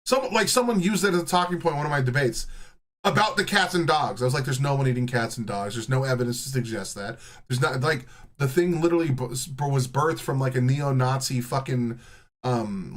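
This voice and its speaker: A man ranting casually and profanely while reacting to clips, often mocking people in put-on voices. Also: mid-range voice. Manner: heated, swearing, mocking impressions.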